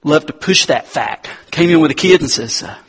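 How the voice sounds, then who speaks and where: A man preaching in a relaxed, conversational way, calling his listeners "guys". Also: a little high, normal speed, husky. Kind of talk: conversational sermon.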